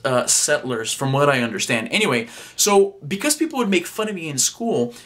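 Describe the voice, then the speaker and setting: Bright-voiced man vlogging casually. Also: on the high side, animated, brisk. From Brazil. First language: Portuguese. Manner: chatty and rambling, with frequent restarts and casual swearing. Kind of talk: casual vlog talk to camera.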